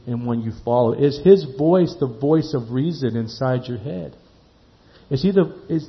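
A man delivers a sermon to a congregation, voicing the people in his stories and putting questions to his listeners. His voice sits slightly high. The sound is muffled and lo-fi, as on a modest church recording. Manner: animated storytelling, acts out dialogue, asks the congregation questions. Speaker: pastor.

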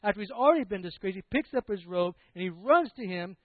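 An emphatic male preacher delivering a sermon, his fairly high voice swinging widely as he presses rhetorical questions. The sound is thin and tinny, like a phone line. The audio is dry, with no room echo. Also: expressive, fast.

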